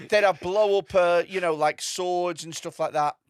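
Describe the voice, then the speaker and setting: A man hosting a comedy podcast, telling stories in a lively way, with restarts and laughter. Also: high voice, clean tone, no echo, clean studio sound. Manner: animated storytelling with quick restarts and laughter. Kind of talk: casual chat.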